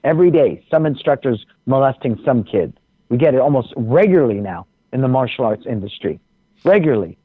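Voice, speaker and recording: A man's voice: medium pitch, lively intonation, a little fast, breathy edge, no room sound. A man who teaches martial arts, a podcast guest, speaking passionately and with preachy emphasis. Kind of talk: casual conversation. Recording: tinny phone-like remote line.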